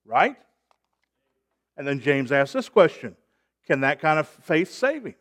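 A man's voice: fairly high pitch, very animated, normal speed. A man delivers a sermon from the pulpit. He preaches emphatically and swells in volume to drive home each key point. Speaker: pastor.

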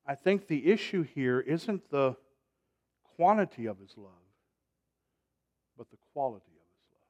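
With lively intonation and a mid-range voice, a man preaches a sermon that veers from emphatic, loud declarations to quiet, elongated phrases, asking his congregation to reply.

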